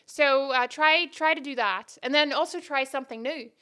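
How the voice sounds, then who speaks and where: Woman podcast host, casual rambling chat, high-ish voice, sharp bright tone. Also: moderate pace. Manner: rambling, goes off on tangents; chatty and self-deprecating.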